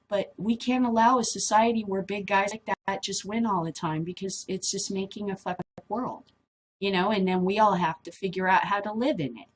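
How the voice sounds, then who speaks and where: A middle-aged woman hosting a casual vlog, reading news and commenting on it in a blunt, rambling way that drifts off topic. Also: medium pitch. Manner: rambling, easily sidetracked, blunt and swearing.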